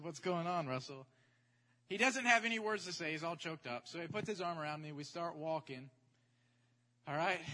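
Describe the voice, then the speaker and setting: A man preaching, telling a testimony story in an animated, chatty way and checking in with his audience. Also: sits high. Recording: echoey hall.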